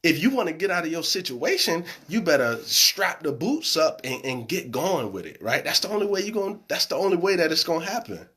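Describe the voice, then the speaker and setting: A man's voice: a little high, big pitch swings, a little fast, few pauses, bright, forceful tone, husky. Young guy on a live stream, hyped-up coaching, says "right?" every other line. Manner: emphatic, repeats "right?" and "okay?" often. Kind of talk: casual live-stream pitch.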